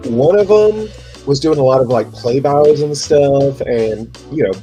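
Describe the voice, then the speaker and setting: A dog trainer with a dark, mellow voice tells a rambling story at an easy pace, full of fillers. Faint music sits underneath. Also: medium pitch, unhurried. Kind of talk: casual chat.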